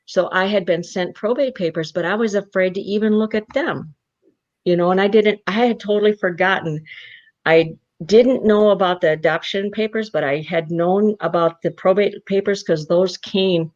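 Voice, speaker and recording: A woman's voice: mid-range voice, moderate pace. A woman from South Dakota, a guest on an interview show, telling a personal story and acting out the voices of the people in it. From South Dakota, Rosebud Reservation. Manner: animated storyteller who acts out the voices in her anecdotes. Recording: muffled lo-fi audio.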